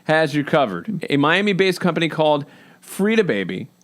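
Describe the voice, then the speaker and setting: Slightly high man reading odd news. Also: very animated, moderate pace. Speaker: podcast co-host reading news items. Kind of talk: reading funny news stories aloud.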